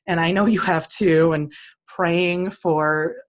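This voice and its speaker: A woman with a low-pitched voice talks casually and bluntly. She walks through listings on screen, opinionated and plain-spoken. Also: fairly even intonation, slow pace. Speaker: co-host. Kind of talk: casual screen-share commentary.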